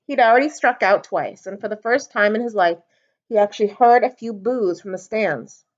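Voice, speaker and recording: A woman reading a children's storybook aloud for a library storytime, expressive and animated. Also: medium pitch, moderate pace. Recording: dull lo-fi recording.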